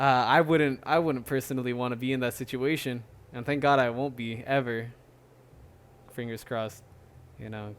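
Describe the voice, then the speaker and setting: A man's voice: mid-range voice, a little hiss or hum. A man hosting a solo podcast, chatting casually in a rambling way with lots of fillers. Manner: rambling, many fillers and restarts, laughs often. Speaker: podcast host.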